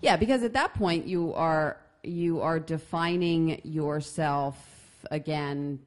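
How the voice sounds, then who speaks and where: Low-voiced woman giving life advice. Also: slow. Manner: animated, many restarts and fillers. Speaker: podcast co-host. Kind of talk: casual advice chat.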